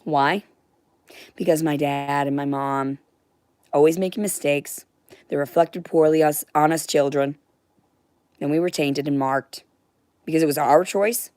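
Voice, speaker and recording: A woman's voice: deep voice, steady tone, a little slow, long pauses, darkish tone, dry recording, clean studio sound. A woman delivering a heated, rambling monologue to her viewers, swearing freely as she goes. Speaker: livestreamer.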